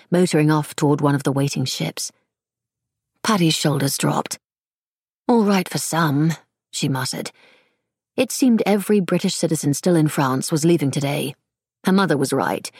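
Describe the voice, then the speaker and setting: Audiobook narrator, woman, low and husky, measured read. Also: a little mellow, no echo, studio quality. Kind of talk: scripted narration.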